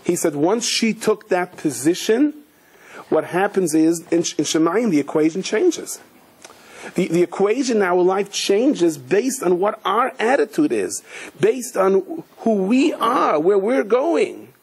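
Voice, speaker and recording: A man's voice: high voice, big pitch swings, measured pace, breathy edge. A man, a rabbi, giving a sermon as he tells a story, mixing Hebrew and Yiddish terms into his talk and often restarting his sentences.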